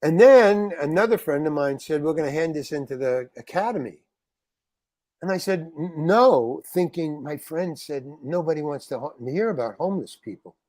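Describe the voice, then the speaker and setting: A man being interviewed on a podcast, telling an anecdote with lively restarts and acted-out quotes of other people. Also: fairly high pitch, moderate pace, dry recording, clean studio sound. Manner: animated, acts out other people's lines in quotes, frequent restarts. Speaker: interview guest, actor. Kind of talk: anecdotal storytelling in a podcast chat.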